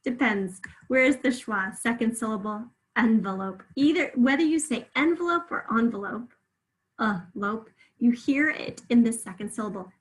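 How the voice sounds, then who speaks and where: A woman with a fairly high voice teaches a remote phonics lesson, patiently stretching words out slowly so each sound can be heard. The recording quality is low.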